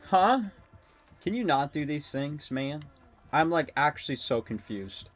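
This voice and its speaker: A young adult man streaming a game, rambling and excitable, swearing often and talking to his chat. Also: fairly high pitch, a little slow. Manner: talks to chat. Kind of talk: casual live-stream commentary while gaming.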